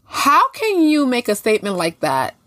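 A woman co-hosting a casual chat show, recapping a TV episode in a blunt, profane, lively way. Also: a little high, moderate pace, no echo. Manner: blunt, profane, animated storytelling. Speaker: podcast co-host.

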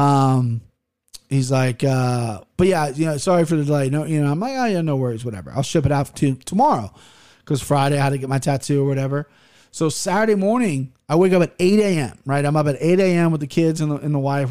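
A man's voice: fairly high pitch, clean tone. A man in his thirties hosting a podcast in casual chat, rambling, swearing freely and restarting his sentences. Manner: profane, rambling and animated, with frequent restarts. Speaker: podcast host.

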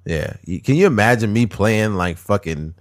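A man's voice: lowish voice, animated, normal speed. A man hosting a podcast in casual chat, laid-back and joking, swearing freely. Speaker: podcast host.

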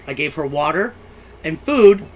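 A man's voice: on the high side, animated, a little slow, crowd noise. A young man co-hosting a podcast, telling crude, self-mocking stories in casual chat. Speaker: podcast co-host, sailor.

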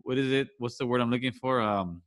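A man running a casual interview speaks in a relaxed, slangy style. He mostly answers with short replies, then asks loose follow-up questions in a middle-pitched voice. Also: brisk. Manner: laid-back, short backchannel replies, slangy.

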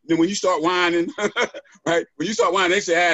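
A middle-aged man talking as a podcast guest and author, animated and preacherly, checking in with "right?" as he goes. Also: sits high, a little fast, no echo. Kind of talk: motivational podcast conversation. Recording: dull, dry lo-fi audio.

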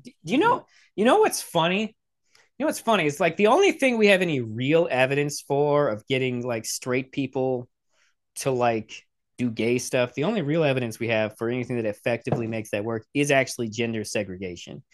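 Young guy ranting over clips, swears a lot, pitch jumps all over, sarcastic and blunt. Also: fairly quick. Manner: blunt, profane, sarcastic, animated. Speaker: commentator reacting to video clips. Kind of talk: casual reaction commentary.

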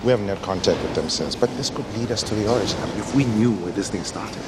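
An earnest government official, played by a man in a film, laying out a plan. His voice is low. Loud rumble fills the background. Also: fast talker, lightly acted. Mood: briefing. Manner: earnest, explanatory. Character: serious male government official briefing a team.

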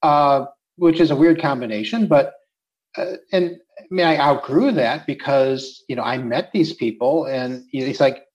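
A man, a philosopher guest, explaining ideas in a measured, thoughtful way. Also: medium pitch, darkish tone, lo-fi sound. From United States. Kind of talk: reflective interview talk.

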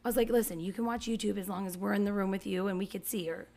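A woman's voice: mid-range voice, steady tone, rapid-fire, vocal fry, a little mellow. A woman in her thirties, a podcast co-host and mother, chatting casually and acting out her kids' lines as she tells a story. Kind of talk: casual chat.

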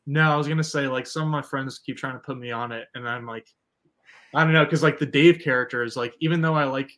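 A man's voice: medium pitch, fairly even intonation, quick pace, a bit bright. A man co-hosting a podcast, chatting in a laid-back way with many filler words. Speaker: podcast co-host. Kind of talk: casual chat.

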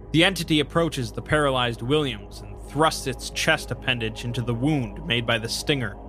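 Bright-voiced man narrating horror lore. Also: medium pitch. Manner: calm, measured retelling of horror events with brief personal asides. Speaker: narrator and channel host. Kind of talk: scripted narration with commentary.

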